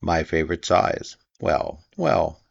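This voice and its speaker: A man voicing a gloomy old male donkey who talks slowly and mournfully, in a storybook reading. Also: deep voice, very animated, gravelly, exaggerated voice. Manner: slow, mournful, dry. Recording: dull lo-fi recording.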